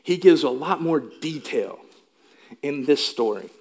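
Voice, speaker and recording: A man's voice: a little high, animated, a little slow, darkish tone. A male pastor delivering a sermon in an emphatic way, asking the congregation questions. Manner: emphatic, asks the room questions.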